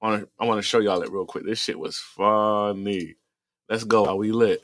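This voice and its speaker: A man hosting a casual live stream, animated and quick to laugh. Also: lowish voice, no echo. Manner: animated, laughs often, drawn-out reactions. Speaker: host.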